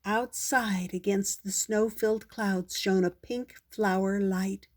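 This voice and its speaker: An older woman, a grandmother, reading a children's storybook aloud in a slow, gentle way. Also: medium pitch, fairly even intonation.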